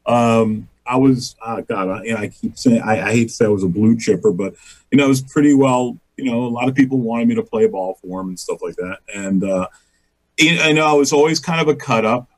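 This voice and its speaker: A man's voice: mid-range voice, fairly quick, low-quality recording. A middle-aged man, a comedian guest, telling rambling stories in a casual interview, laughing often and acting out quotes.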